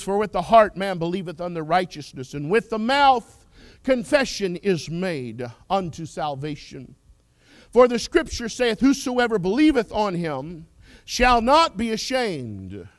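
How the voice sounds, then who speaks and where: A male preacher delivers a sermon in a measured, unhurried cadence. His voice is high and swoops widely, rising to loud declarations and falling to near whispers. The sound is dry and close. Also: dry recording. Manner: impassioned, swings from loud declarations to hushed whispers.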